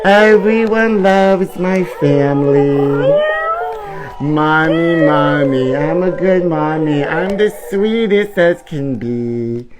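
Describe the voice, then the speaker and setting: A man's voice: a little high, slow pace, a loud crowd. A man voicing a doting, self-adoring mother who coos and drawls in a sing-song way. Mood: cooing.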